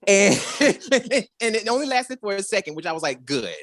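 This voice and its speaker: Animated podcast co-host acting out reactions. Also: mid-range voice, normal speed, dry recording, clean studio sound. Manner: animated, acts out characters' reactions, laughs often. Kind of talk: casual review chat.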